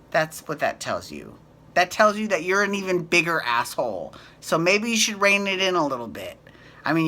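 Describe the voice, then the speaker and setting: Brief: woman with a low, bright voice, chatty and blunt, sarcastic, swears often. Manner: rambling, sarcastic, swears freely. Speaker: recap vlogger. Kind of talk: casual recap chat.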